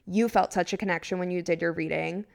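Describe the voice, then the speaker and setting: Chatty woman with a gravelly edge. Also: fairly low pitch, steady tone, fast talker. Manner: chatty, acts out her own past remarks in quotes. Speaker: podcast guest. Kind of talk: casual chat.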